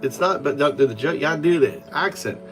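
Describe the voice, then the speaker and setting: A man chatting casually with AI assistants, rambling and halting with many restarts. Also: fairly high pitch, expressive, fairly bright tone, soft background music. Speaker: host.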